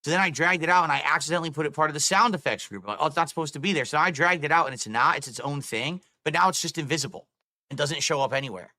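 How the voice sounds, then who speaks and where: A man's voice: a little high, fast talker, pushed and bright. Exasperated man swearing at his stream setup. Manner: exasperated, swearing, talking through tech trouble. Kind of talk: live stream talk to chat.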